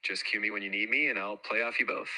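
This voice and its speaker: A man's voice: on the low side, steady tone, fast, sharp tone, poor audio. A synthetic male assistant voice acting as co-host, upbeat, eager and agreeable in its replies. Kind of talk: scripted-sounding assistant replies.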